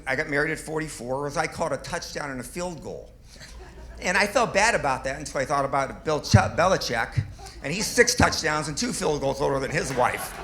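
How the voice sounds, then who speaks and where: A man's voice: on the high side, fairly bright tone. A man in his fifties doing a stand-up comedy set on a club stage, delivering self-deprecating punchlines with little chuckles.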